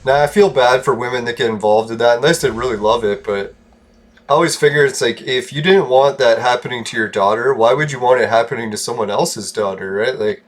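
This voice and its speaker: A man's voice: medium pitch, fairly quick. Young male streamer, mumbly, rambling, chuckling at his own jokes. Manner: rambling, chuckles often, self-mocking asides. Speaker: gaming streamer. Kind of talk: casual rambling chat while gaming. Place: home room with painted walls.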